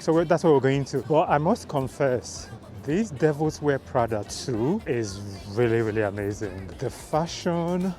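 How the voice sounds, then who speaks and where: A man's voice: mid-range voice, a little mellow. Chatty man vlogging on a city street. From Nigeria. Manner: chatty, emphatic, repeats words for stress. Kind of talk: casual travel vlog talk.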